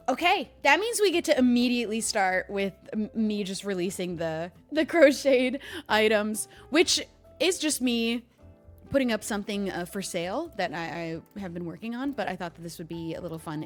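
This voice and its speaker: A young woman chatting casually on a livestream, bubbly and thanking viewers by name. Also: on the high side. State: hiccuping. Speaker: streamer.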